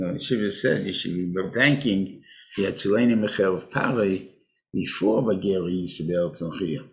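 An older man teaching a Torah class in a halting way, often restarting and mixing in Hebrew terms. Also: sits low, a little mellow, slight background noise. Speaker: rabbi teaching a weekly class.

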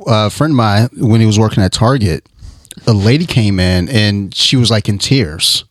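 A man's voice: on the low side, normal speed, no room sound, studio quality. A man telling a rambling, profane story in casual podcast chat. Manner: laid-back, rambling, profane.

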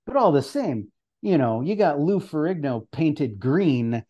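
A man's voice: a little high, sing-song, measured pace, warm tone, muffled recording. A man in casual podcast chat, rambling through a topic, swearing and laughing as he goes. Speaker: guest presenter.

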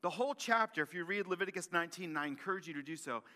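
A male pastor preaching a sermon, animated and emphatic, often repeating and restarting his phrases. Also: a little high, very fast, long reverb tail.

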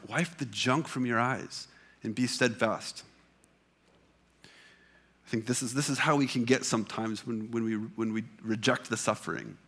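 A man's voice: on the low side, a bit bright. A man preaching a sermon, reading scripture aloud and explaining it in plain, conversational words, often restarting his sentences.

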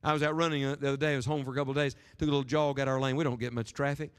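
A man pastor preaching a sermon, animated and emphatic, rising and dropping his voice for stress. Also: mid-range voice, rapid-fire, smooth. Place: church sanctuary. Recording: sermon with long hall reverb.

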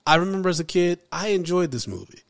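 A man's voice: high-pitched, expressive, quick pace, gravelly. A man co-hosting a casual podcast chat, ranting in disbelief and swearing freely. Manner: incredulous, ranting, swears a lot. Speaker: podcast co-host.

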